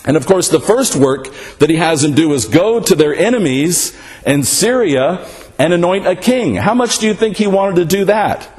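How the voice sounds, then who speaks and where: A man's voice: sits high, animated, normal speed, a little mellow. A man preaching a sermon, asking rhetorical questions and often adding "right?" to check in with his listeners.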